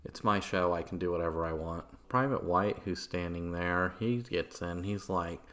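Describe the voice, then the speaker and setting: Man hosting a podcast, very low pitch, relaxed chatty history telling, loose with curse words and fillers. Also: normal speed. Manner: casual, swearing, filler-heavy. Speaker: podcast host. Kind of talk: casual history storytelling.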